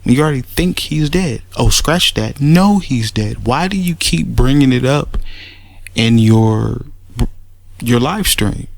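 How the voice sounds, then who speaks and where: A man's voice: medium pitch, expressive, slow pace, gravelly, dry recording. A man giving a mocking, rambling spoken rebuttal, sarcastic and full of restarts. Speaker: commentator making a response audio.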